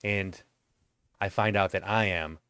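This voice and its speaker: A man hosting his own vlog, telling a comedic monologue at home in a profane, exasperated rant with animated swings in his delivery. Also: low voice, measured pace, clear, resonant tone, no echo, clean studio sound. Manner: profane ranting. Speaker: vlog host.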